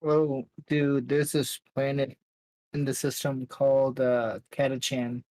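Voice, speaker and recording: An easygoing man chats in character during a tabletop game, friendly and relaxed. His voice sits in an ordinary middle pitch. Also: takes it slowly, no room sound. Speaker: player. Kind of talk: casual tabletop play in character.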